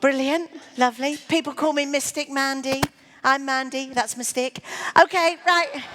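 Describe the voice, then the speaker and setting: A woman's voice: sits high, fairly even intonation, moderate pace, sharp tone. A woman doing comic magic patter on stage, teasing and flirting with a volunteer she keeps calling darling. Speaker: comedy magician.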